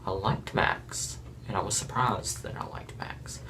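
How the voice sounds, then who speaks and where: A man's voice: fairly low pitch, fairly even intonation, unhurried, bright, forceful tone, slight background noise. A man from Florida giving a casual, blunt and rambling review of a reality show, with chuckling asides.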